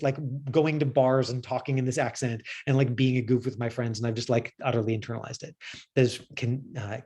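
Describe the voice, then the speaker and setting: An acting coach teaches on camera in a casual, rambling way, full of fillers and restarts. His voice is mid-range with a darkish tone.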